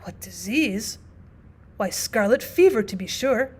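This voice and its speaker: A woman reading aloud, voicing a calm, matter-of-fact male apothecary in a storybook, lowering her voice slightly. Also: unhurried, husky.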